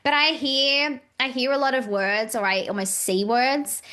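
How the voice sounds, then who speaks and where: A woman's voice: high voice, unhurried. A woman who is a psychic medium, a guest on a casual podcast, talking animatedly and acting out quoted dialogue. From Australia. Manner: animated, acts out quoted dialogue, many "like" fillers.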